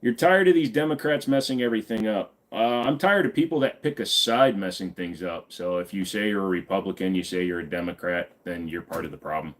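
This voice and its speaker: A man in his forties with a fairly low voice answers viewer questions on a live stream. He is blunt, relaxed and swears freely. He sounds like he is chatting straight to the audience. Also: brisk, hardly any pauses. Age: 40s. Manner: blunt, casual and profane.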